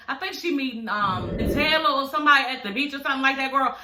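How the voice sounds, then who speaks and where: This show recap vlogger is a woman with a high, expressive, bright voice, talking a little fast with a forceful edge. She reviews a TV episode casually, cursing, laughing a lot, and calling her viewers y'all and girl. The audio is reverberant with slight background noise.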